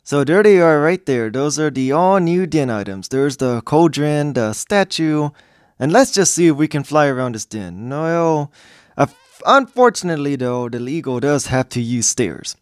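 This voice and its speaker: A man's voice: fairly high pitch, lively intonation, moderate pace, no echo, studio quality. A man giving casual, jokey gameplay commentary as a gaming YouTuber, rambling and easily sidetracked.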